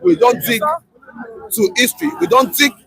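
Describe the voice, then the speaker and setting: Nigerian man, high lively voice, gravelly, argues and repeats himself, loud crowd around. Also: moderate pace. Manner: animated, repeats himself, talks over others. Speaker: street interviewee. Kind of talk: heated street debate. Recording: loud street crowd behind.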